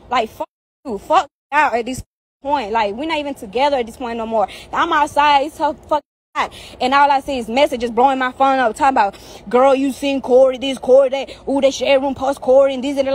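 High-voiced woman in a profane, heated rant. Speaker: social media personality. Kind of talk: angry rant to followers. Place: outdoors.

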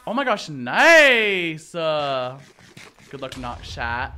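A young man streaming a game with casual chatter, excitable with dramatic reactions and playful teasing. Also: a little high, drawn-out words, smooth.

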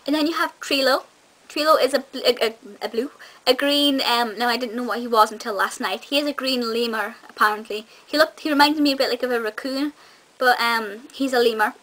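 A woman's voice: on the high side, brisk, fairly bright tone, rough recording. A young woman chatting enthusiastically to camera in a casual review, with frequent ums and restarts. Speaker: video reviewer.

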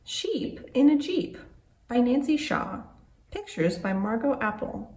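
A woman's voice: on the high side, slow. A woman who works as a children's librarian, reading a picture book aloud to young children, gasping often and asking them questions. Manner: animated and exclamatory, gasping and asking the kids questions. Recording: echoey room, mic at a distance, faint background noise.

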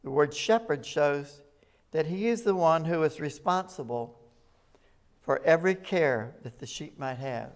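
Delivering an evening sermon at a rescue mission, this preacher talks to the congregation in plain terms, his slightly high voice lively and unhurried. As he reads scripture aloud, his emphasis builds.

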